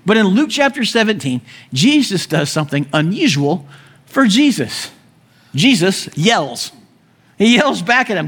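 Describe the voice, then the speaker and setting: A male pastor preaches with a high, light voice. He tells the story with animated energy, slips into character voices and chuckles along the way. His delivery swings from lively to hushed. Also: unhurried, husky. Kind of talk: sermon.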